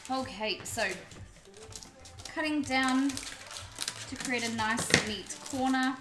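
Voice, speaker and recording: A chatty Australian woman runs a casual live cooking stream and talks with viewers as she works. Her voice rings in an echoey room. Music plays clearly behind her. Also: high voice, slow. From Melbourne, Australia. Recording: roomy echo with music behind.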